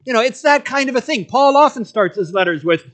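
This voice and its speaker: High-voiced man preaching a sermon. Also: fairly quick. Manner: animated storytelling, acts out quotes in different voices.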